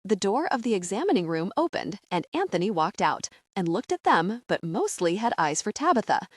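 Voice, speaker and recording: A woman narrating an audiobook in a gentle storytelling manner. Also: mid-range voice, big pitch swings, normal speed, no room sound.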